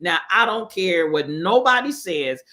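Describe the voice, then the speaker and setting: Bright-voiced woman hosting a live stream. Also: lowish voice, lively intonation, a little slow. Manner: repetitive, emphatic, greets viewers by name. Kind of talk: casual live commentary on current events.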